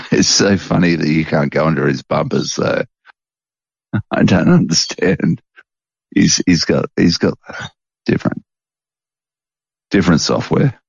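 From home, a laid-back podcast host runs a casual late-night chat, rambling and chuckling in an extremely deep, gravelly, husky voice with a slow, unhurried drawl. The recording is dry, a little dull, and has no echo.

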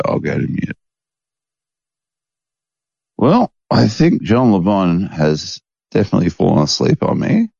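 A man's voice: sits low, gravelly, darkish tone, husky, dry recording, muffled recording. A man hosting a rambling, casual late-night chat at home, chuckling often. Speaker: podcast host.

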